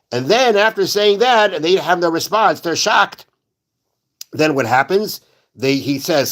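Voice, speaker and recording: A man's voice: fairly high pitch, lively intonation, normal speed, fairly bright tone. A man teaching a Torah class in a synagogue. He explains step by step, repeats rhetorical questions, and weaves Hebrew verse quotations into plain talk. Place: synagogue study hall.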